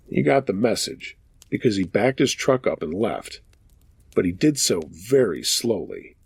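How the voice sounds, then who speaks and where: Gravelly, husky male horror storyteller. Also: fairly low pitch, very animated, unhurried, dry recording. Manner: casual profane storytelling. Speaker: host reading listener stories. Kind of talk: narrating true scary stories.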